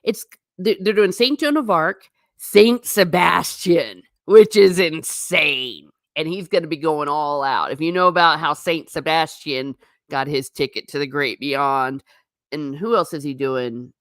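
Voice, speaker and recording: A woman hosting a casual livestream, reading out viewer comments and answering them in an animated, sarcastic way with blunt asides. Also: low voice, measured pace, no echo, clean studio sound. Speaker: host.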